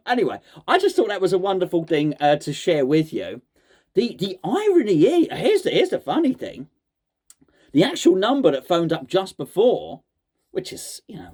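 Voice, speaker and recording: A man's voice: high voice, a little mellow. A man hosting a casual chat, mock-serious and joking, often stumbling and repeating words. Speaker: host.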